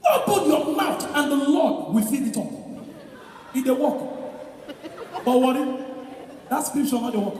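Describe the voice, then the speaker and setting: A man with a Nigerian accent doing live stand-up, telling stories in Pidgin with loud, animated delivery and shouted punchlines. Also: very high voice, moderate pace, long pauses. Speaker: stand-up comedian. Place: large hall with live audience. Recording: echoey hall recording from far off, crowd noise.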